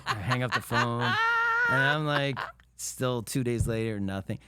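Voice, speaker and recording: A man's voice: mid-range voice, unhurried, heavy background noise. A middle-aged man who is an actor, telling stories in a casual interview, acting out quotes and laughing often. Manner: animated storyteller, laughs often, acts out quotes. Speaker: actor guest.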